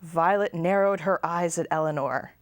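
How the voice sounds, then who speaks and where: A woman's voice: fairly low pitch, normal speed, dry recording. A woman, a children's librarian, reading a picture book aloud at storytime. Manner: expressive, sing-song.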